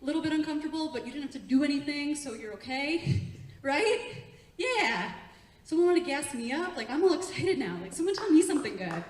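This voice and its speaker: A woman's voice: sits high, animated, fairly quick. A young woman doing a live stand-up set, chatty, laughing often and working the crowd from a theatre stage. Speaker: stand-up comedian. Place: theatre stage before an audience. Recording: echoey room, heard from a distance.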